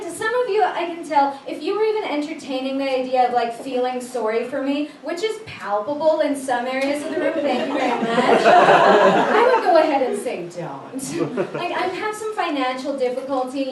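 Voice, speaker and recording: Woman in her thirties, stand-up comic, high voice, self-deprecating, loud room noise. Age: 30s. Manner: dry, self-deprecating delivery. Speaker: stand-up comedian. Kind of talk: stand-up comedy set. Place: comedy club stage with audience laughter. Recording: echoey room, distant mic, loud ambience. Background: audience laughter.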